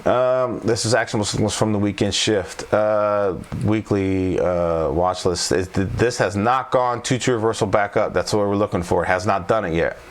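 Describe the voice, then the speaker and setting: A trading coach with a lowish voice talks through stock charts without a script, at a moderate pace and with few pauses. He works things out aloud and checks in with viewers after every point, repeating tag questions.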